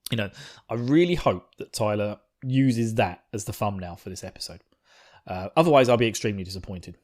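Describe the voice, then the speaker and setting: Excitable man gushing over a show. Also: fairly low pitch, brisk. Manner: excitable, gushing, swearing, bursts of laughter. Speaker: podcast host. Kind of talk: casual podcast episode recap.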